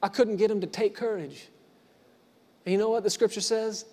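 High-voiced pastor preaching in a reverberant hall. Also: male voice, steady tone, normal speed. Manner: emphatic repetition, swings from quiet to loud. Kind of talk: sermon. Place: church hall. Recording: long reverb of a large hall.

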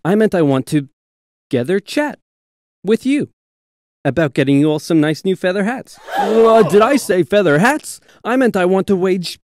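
A man's voice: high voice, animated, moderate pace, a little mellow, no room sound, pitched above the performer's own voice. A man playing a scheming, bumbling defense minister. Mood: sly. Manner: blurts out slips, then covers them.

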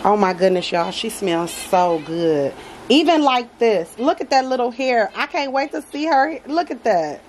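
A woman's voice: fairly high pitch, lively intonation, a little slow, a little mellow, slight background noise, poor audio. A woman chatting casually to her viewers in a home nursery as she unboxes a doll, gushing and affectionate and often calling them y'all. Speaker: reborn doll collector vlogger.

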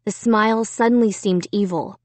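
A woman narrating a children's storybook in the first person, reading slowly and deliberately. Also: mid-range voice, darkish tone, dry recording. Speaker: audiobook narrator.

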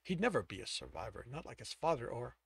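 A man reading his own novel aloud, dramatic and expressive, stopping to correct himself. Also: medium pitch, fast talker, creaky, husky. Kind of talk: audiobook narration.

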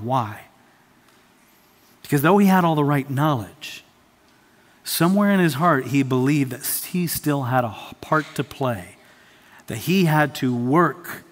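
Emphatic preaching man in a reverberant hall. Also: mid-range voice. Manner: emphatic preaching, repeats key phrases. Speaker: pastor. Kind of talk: sermon. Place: church sanctuary.

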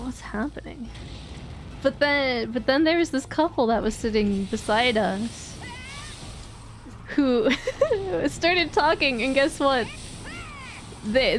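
A woman's voice: on the high side, a little hiss or hum. A woman streamer chatting casually while playing, rambling through stories and laughing often. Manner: giggly, rambling storytelling with frequent laughs. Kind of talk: casual gameplay chat.

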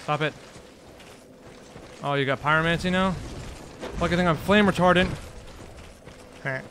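A young man doing let's play commentary, excitable and sarcastic, trash-talking enemies and swearing. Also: fairly high pitch, unhurried. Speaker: gaming video host. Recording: noisy background.

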